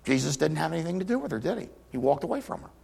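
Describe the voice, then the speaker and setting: A man preaching a sermon, retelling scripture stories dramatically and voicing the people in them, swinging from loud cries to near whispers. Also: fairly high pitch, sing-song, racing, vocal fry. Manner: dramatic storytelling, acting out quotes with big swings in volume.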